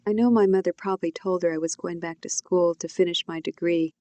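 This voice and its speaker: A woman reads her novel aloud in a quiet, reflective first-person voice. Her tone is low and mellow. The sound is dry and close to the mic, with no room around it. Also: fairly even intonation, brisk, no echo. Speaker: author reading her novel. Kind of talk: audiobook narration.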